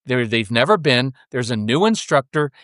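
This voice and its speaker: A middle-aged man talking as a podcast guest about parenting, animated and acting out little scenes of parent and child. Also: mid-range voice, normal speed, dry recording, studio quality. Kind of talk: casual interview conversation.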